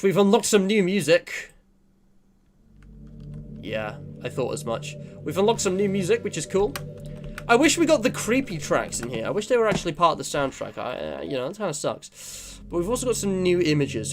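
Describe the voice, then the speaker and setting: A man with a fairly high voice doing casual let's-play commentary, musing aloud as he plays. He goes from low, hushed asides to bright, upbeat outro chatter, with faint music underneath.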